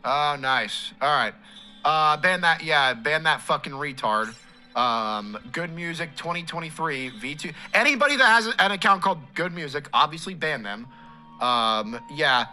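High-voiced young man ranting profanely. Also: very animated, unhurried, bright, forceful tone, faint music behind. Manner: profane, ranting, easily enraged. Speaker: streamer. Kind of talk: live game stream commentary.

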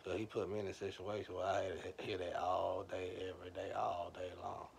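Low gravelly man rambling to viewers. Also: level tone, brisk, slight background noise. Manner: loose slangy storytelling, talks straight to viewers. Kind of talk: rambling casual monologue to viewers.

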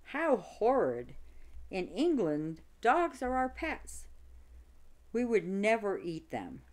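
A woman's voice: mid-range voice, huge pitch swings, slow, a little mellow, voice pushed up. A woman reading aloud, voicing a young female teacher from England who is dramatic and a bit whiny. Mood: shocked.

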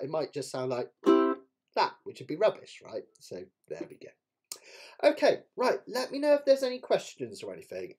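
Lively, chatty man teaching ukulele. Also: fairly high pitch, breathy edge. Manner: chatty, self-deprecating, explains while demonstrating. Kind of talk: live online music lesson. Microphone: webcam setup with close camera. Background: ukulele playing.

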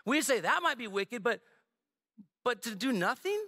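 A man preaches from the pulpit with a very high, bright voice. He talks in a loose, conversational way, cracking jokes and slipping in asides to his church. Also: sing-song, moderate pace. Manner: conversational and joking, with frequent asides. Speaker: pastor. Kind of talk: sermon. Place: church sanctuary.

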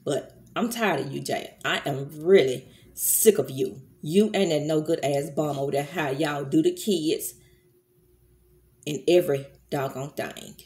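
A low-pitched middle-aged woman speaks straight into her camera in a fired-up vlog rant. Her talk is blunt and full of cursing, scolding someone directly and then checking in with her viewers. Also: a little slow, darkish tone. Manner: heated, profane, scolding, addresses viewers as y'all. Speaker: vlogger. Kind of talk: angry commentary rant to camera.

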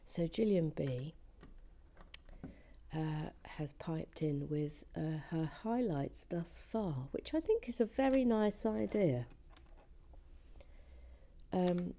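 A woman giving relaxed commentary while building a set, chatty and often slipping into a soft whisper. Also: sits low, slow pace.

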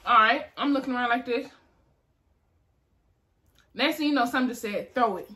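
A young woman vlogger telling a story in casual chat, animated and acting out the people in it. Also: on the high side, normal speed. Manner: animated, acts out voices in her story.

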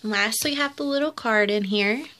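High-voiced, gushing woman. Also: normal speed, noisy background. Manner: gushing and cooing, repeats exclamations. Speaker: vlogger unboxing a doll. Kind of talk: casual unboxing commentary.

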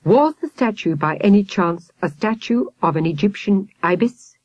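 A woman's voice: mid-range voice, lively intonation, moderate pace, darkish tone, no room sound, muffled recording, pitched above the performer's own voice, lightly acted. A woman voicing a polite, formal older male professor in a storybook.

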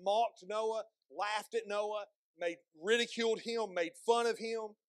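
A male pastor preaching a sermon, asking the congregation questions and slowing down to read scripture aloud with emphasis. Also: high-pitched, fairly even intonation, smooth, dry recording. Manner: slows and stresses when reading scripture aloud; repeats words and restarts phrases, asks the congregation questions.

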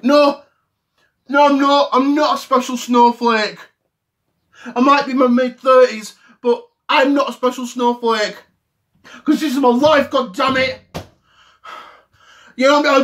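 An offended English football fan in his thirties , played by a man, rants on and on in a fairly high voice. He repeats himself in wounded indignation, building the sketch around his grievance. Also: fairly bright tone. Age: 30s. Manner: indignant, repetitive ranting. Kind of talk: comedy sketch rant to camera.

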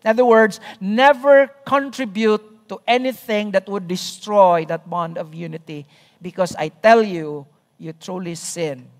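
Slow, deliberate pastor in reverberant hall. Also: mid-range voice. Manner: deliberate, repeats key phrases, checks in with "All right?". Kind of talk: sermon.

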